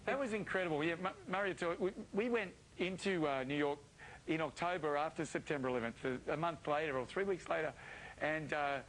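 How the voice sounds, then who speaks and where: A man's voice: on the high side, brisk, fairly bright tone, a little hiss or hum, rough recording. A man, a children's entertainer, chatting cheerfully and jokily in a live TV interview. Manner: cheerful, jokey, laughs often.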